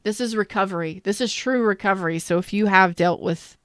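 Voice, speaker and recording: Smooth-voiced, candid woman tarot reader. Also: medium pitch, a little fast, no echo, studio quality. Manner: candid and profane, greets viewers, speaks with emotional intensity. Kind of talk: live-streamed tarot reading chat.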